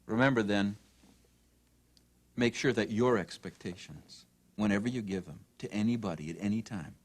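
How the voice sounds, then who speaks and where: A narrator giving a dramatic teaching talk, swinging between loud mock scolding and soft near-whispers. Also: deep voice, moderate pace.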